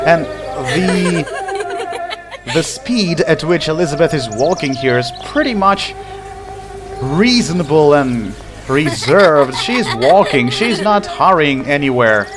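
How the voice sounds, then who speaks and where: A man's voice: fairly high pitch, lively intonation, slow pace. A man giving casual let's play commentary, chatty, laughing at the game, a non-native English speaker. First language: not English.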